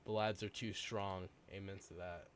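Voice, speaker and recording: A man's voice: low-pitched, level tone, normal speed, slight background noise. A young man streaming, making offhand remarks while he watches videos. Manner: offhand remarks, laughs along. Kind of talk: casual reaction commentary.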